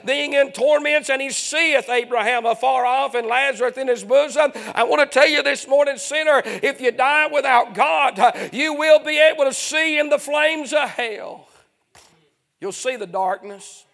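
A preacher with a very high, gravelly voice delivers a fiery revival sermon. He chants in drawn-out phrases, punctuated with "uh," rising to shouts and dropping low. It sounds like an old-time pulpit preacher working up a congregation.

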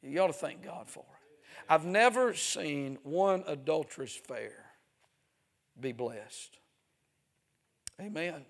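A male preacher delivering a sermon, dropping to near hushes and then building to loud, emphatic stretches punctuated with "Amen.". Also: on the high side, sing-song, slow. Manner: swings from hushed to shouting, repeats "Amen".

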